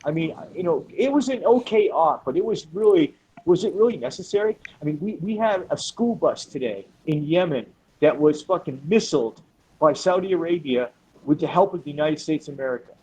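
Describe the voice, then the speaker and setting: A man's voice: a little high, lively intonation, fairly quick, a little mellow, slightly rough, poor audio. A man on a panel, talking heatedly and emphatically with a lot of swearing, often repeating words as he goes. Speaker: panel member.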